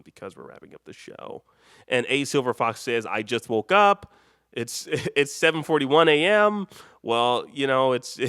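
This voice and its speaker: A man's voice: on the high side, fairly bright tone, no echo, studio quality. A man from Chicago hosting a late-night live stream, rambling and joking with the chat and laughing often. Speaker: live show host.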